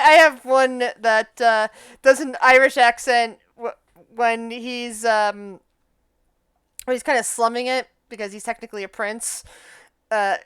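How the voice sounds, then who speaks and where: Woman with an Appalachian accent, chatty and smooth-voiced, pitched slightly high. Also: fairly bright tone, no room sound, studio quality. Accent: Appalachian American. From Appalachia, USA. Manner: chatty, laughing, stumbling over words. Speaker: game master. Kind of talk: running a tabletop game.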